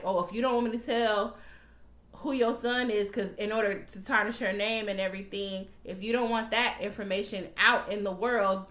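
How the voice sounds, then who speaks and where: A woman's voice: mid-range voice, fairly bright tone. A young woman recapping a TV drama episode in casual, heated chat, swearing and calling her viewers y'all. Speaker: TV recap vlogger. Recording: echoey room.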